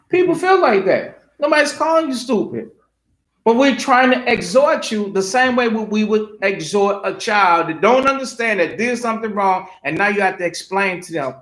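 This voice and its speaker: High-voiced man preaching in an echoey room. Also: expressive, normal speed, a bit bright. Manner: emphatic, rhetorical questions, repeats phrases. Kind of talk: preaching scripture study. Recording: roomy echo.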